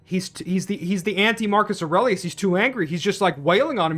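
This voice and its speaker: A man's voice: high voice, quick pace, few pauses, fairly bright tone. A man recapping a film plot in a casual, profane rant, full of restarts and tangents. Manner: rambling, profane, with many restarts. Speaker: film reviewer.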